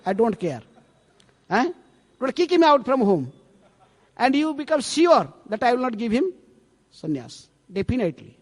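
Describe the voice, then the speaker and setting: A man's voice: very high voice, sing-song, moderate pace. A man, a swami giving a storytelling scripture lecture in a temple hall, chatty and checking in with frequent rhetorical "eh?". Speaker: preacher, swami. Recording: long hall reverb.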